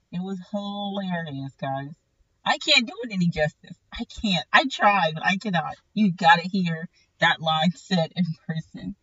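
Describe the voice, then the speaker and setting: A podcast host chatting casually about an anime, rambling and animated and often correcting themself mid-sentence. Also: mid-range voice, no room sound, far from the mic. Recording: dull, lo-fi sound from slightly off the mic.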